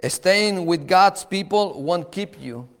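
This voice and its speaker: A man preaching a sermon, slow and emphatic, repeating key words and chuckling now and then. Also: sits high, lively intonation, long reverb tail.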